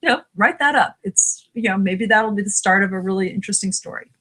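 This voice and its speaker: A woman's voice: mid-range voice, fast talker, pushed and bright. A woman co-hosting a podcast and teaching writing, chatting casually, laughing often and restarting her sentences.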